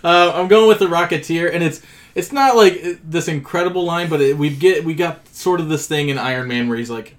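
A man's voice: fairly high pitch, a little fast. A man co-hosting a casual movie podcast, amused and profane. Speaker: podcast co-host. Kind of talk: casual movie review chat.

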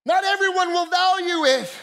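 A man preaching a sermon as pastor of a church service, impassioned, breaking into shouts and calling out to the congregation. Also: very high voice, normal speed.

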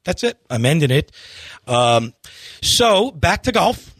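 A man's voice: on the high side, big pitch swings, takes it slowly, a bit bright, slightly rough, no room sound, studio quality. A man hosting a golf radio show, pleading earnestly in a rambling rant full of restarts. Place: radio studio.

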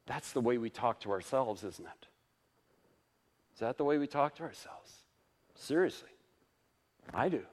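A man's voice: medium pitch, measured pace, pauses often. Chuckling, conversational male pastor preaching. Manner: informal and conversational, chuckles between points; lively, swings up for emphasis and down for tender asides. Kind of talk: sermon.

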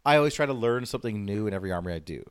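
A man's voice: on the low side, lively intonation, rapid-fire, clean tone, no echo. A man chatting casually as a podcast co-host, rambling and swearing freely. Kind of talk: casual chat.

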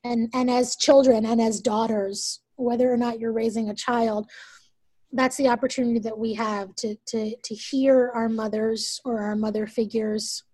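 A woman in her forties telling a personal story as a guest, emphatic and animated, swearing freely. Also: on the high side, moderate pace, no echo. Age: 40s. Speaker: guest, event leader.

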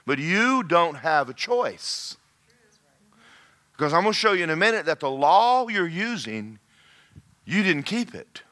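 A male pastor, preaching a sermon in an animated way that swings from loud to hushed. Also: on the high side, a little slow.

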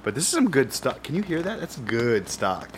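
A man's voice: medium pitch, very animated, normal speed, a little hiss or hum. Playful man co-hosting a podcast. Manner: playful, laughs often. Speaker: podcast co-host. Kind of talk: casual chat.

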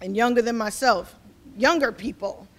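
Fervent high-voiced woman organizer. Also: normal speed, a little hiss or hum. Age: 40s. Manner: fervent, rambling, repeats herself, slips into casual talk. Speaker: community organizer. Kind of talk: impassioned speech to an audience.

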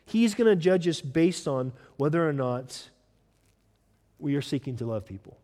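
Male pastor, emphatic sermon delivery, slightly high voice, long church-hall reverb. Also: lively intonation, moderate pace, mellow. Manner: emphatic, repeats words when restarting.

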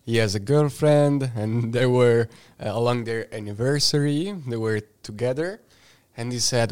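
A man's voice: mid-range voice, unhurried, a little mellow, clean tone. A man co-hosting a podcast, telling a casual anecdote with frequent laughter. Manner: chatty storyteller, laughs often. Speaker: podcast co-host.

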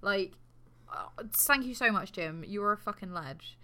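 A woman's voice: mid-range voice, lively intonation, a little slow, sharp tone. A woman co-hosting a podcast, telling a true crime story in a casual, sweary, jokey way. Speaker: podcast co-host.

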